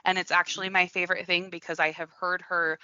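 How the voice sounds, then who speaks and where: A woman with a low, bright-toned voice talks earnestly and reflectively on a podcast, often restarting her sentences. The recording is dull and lo-fi, with a dry sound. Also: level tone, quick pace, dry recording. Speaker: podcast co-host. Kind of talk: casual podcast chat.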